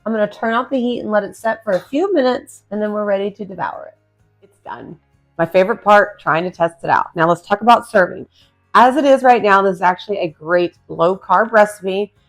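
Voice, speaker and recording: A woman's voice: mid-range voice, expressive, a little fast. Cooking host, female, upbeat and chatty, speaks to her viewers at home, faint music underneath. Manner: chatty, enthusiastic, addresses viewers as guys. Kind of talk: casual cooking demonstration. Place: home kitchen.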